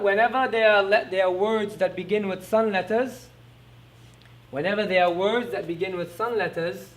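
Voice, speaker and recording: A man teaching an Arabic lesson, repeating each word slowly and asking quick rhetorical questions as he writes on a board. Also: high-pitched, a bit bright. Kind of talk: recorded classroom lesson.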